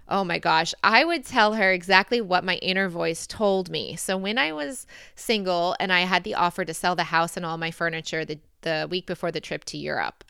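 A woman's voice: lowish voice, bright, forceful tone, clear, resonant tone, dry recording, clean studio sound. A woman in her thirties with an American accent, hosting a podcast and answering listener questions in a chatty, reflective way. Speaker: podcast host. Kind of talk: casual podcast Q&A.

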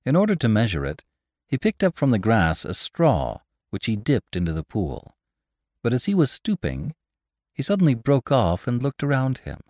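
A man narrating a classic story in an expressive, scripted reading. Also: medium pitch, normal speed, no room sound, clean studio sound. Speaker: podcast narrator.

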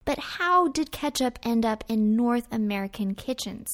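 A woman's voice: a little high, expressive, normal speed. A woman co-hosting a food history podcast, reading a script in turns with her partner in an upbeat way. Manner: upbeat, reads facts in turns with co-host. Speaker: podcast co-host. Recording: faint music underneath.

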